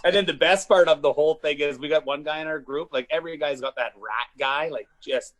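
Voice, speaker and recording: A man's voice: on the high side, fairly quick, a bit bright. A man telling rowdy stories in casual podcast chat, swearing often and laughing mid-story. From Saskatchewan, Canada. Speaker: podcast guest, comedian.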